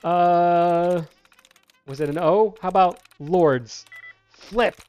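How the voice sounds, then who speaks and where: A man with a slightly high voice chats his way through a game, playfully bossing the characters around as if putting kids to bed. Faint music runs under his voice. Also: very slow, darkish tone, clear, resonant tone. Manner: playful, talks to game characters like a scolding parent. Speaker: gameplay streamer. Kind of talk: casual let's-play commentary.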